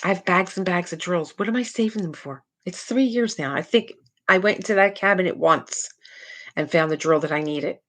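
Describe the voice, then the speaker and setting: A woman's voice: on the low side, brisk, a bit bright. A middle-aged woman hosting a live craft stream, chatting casually and rambling with her viewers. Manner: rambling, chatty, trails off and restarts. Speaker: diamond painting livestream host.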